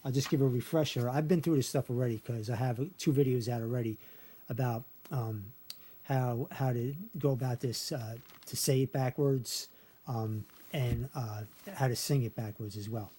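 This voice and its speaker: A man with a warm, slightly rough, mid-range voice explains a memory trick step by step, keeping a steady tone and moderate pace. As a video creator in a casual screen-share lesson, he counts syllables aloud and says "okay" after almost every phrase.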